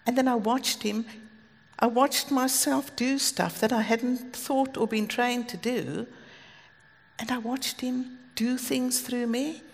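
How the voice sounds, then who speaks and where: South African woman preaching, gravelly voice. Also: fairly high pitch, steady tone, unhurried. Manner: earnest, storytelling, with asides and light laughs. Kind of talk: sermon. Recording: long hall reverb.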